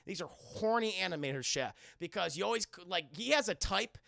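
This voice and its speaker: A man's voice: high voice, lively intonation, a little fast, creaky, pushed and bright, no echo, clean studio sound. A man reviewing a cartoon on a live stream, swearing a lot and rambling as he talks straight to his chat. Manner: profane, rambling, keeps addressing chat. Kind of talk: casual live-stream commentary.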